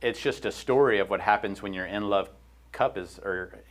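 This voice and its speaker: A middle-aged man with a lowish voice hosts a relaxed talk show. He tells a counseling case in a loose, chatty way, with plenty of "you know" and "um", and drops into quoted lines as he goes. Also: moderate pace, slight background noise. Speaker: host. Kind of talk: casual podcast chat.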